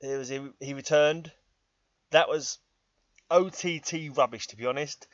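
A middle-aged man with an English accent rambles to his laptop in his room, tired and wryly mocking himself, with sighs and chuckles. His voice sits a touch high. The sound is dull and lo-fi, with a dry, close feel. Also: measured pace, no echo. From England. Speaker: vlogger. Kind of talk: casual vlog monologue. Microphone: laptop microphone.

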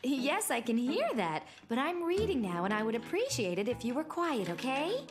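Warm-hearted young cartoon mom, coaxing and patient, high and very melodic. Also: female voice, moderate pace, music in the background. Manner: gentle, coaxing, very lively intonation. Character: patient young cartoon mother, gentle and kind.

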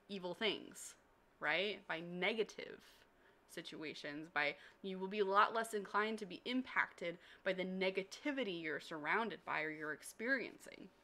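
A woman's voice: medium pitch, bright, forceful tone. A woman hosting a devotional livestream, talking while walking, emotional and gushing as she reads chat aloud. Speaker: Christian community host.

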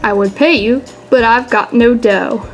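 A woman's voice: on the high side, a little slow, faint music behind, low-quality recording. Woman reading as a courteous rhyming cat. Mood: polite. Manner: courteous, speaks in rhymes. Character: polite rhyming male house cat.

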